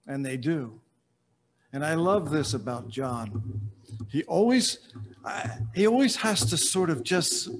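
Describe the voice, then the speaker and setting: A pastor preaches a sermon slowly in a large church, his voice carried by a long reverb, with slight background noise. His voice sits a little high for a man, and he tells the story with long dramatic pauses, often letting phrases fade to a hush.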